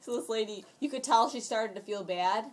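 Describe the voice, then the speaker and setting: A woman's voice: on the high side, moderate pace. A teenage girl rambling on as she retells a long story in a casual family chat. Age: teens.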